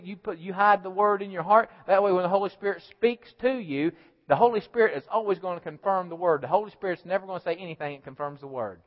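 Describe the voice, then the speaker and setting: A male pastor preaching a sermon, swinging between loud emphatic lines and quiet asides to the congregation. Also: sits high. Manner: preaching with call-and-response asides, rising and falling in volume. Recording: dull lo-fi sound with long hall reverb.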